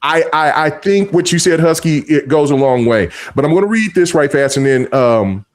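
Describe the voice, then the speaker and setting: A man's voice: a little high, expressive, normal speed. A man hosting a casual gaming podcast, talking in long rambling stretches full of restarts and fillers. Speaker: podcast host.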